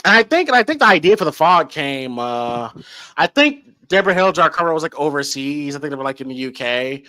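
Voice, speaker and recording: An excitable man riffing through a horror movie watch-along. His voice is bright and lively, jumping up and down in pitch as he rambles. The sound is dry and close. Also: a little fast, no echo, rough recording. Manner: excitable, rambling, lots of fillers and swearing. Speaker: podcast co-host.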